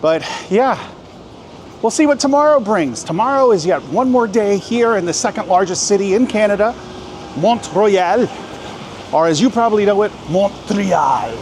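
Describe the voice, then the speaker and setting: A man in his thirties walking city streets and chatting casually to his camera as a travel vlogger, joking and thinking aloud. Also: high voice. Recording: outdoor street noise. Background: street and traffic noise.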